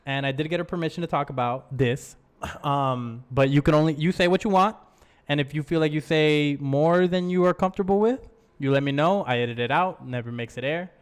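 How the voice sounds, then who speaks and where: Male podcast host, mid-pitched, casual and profane, tells stories with acted quotes. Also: clean tone. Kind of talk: casual storytelling chat.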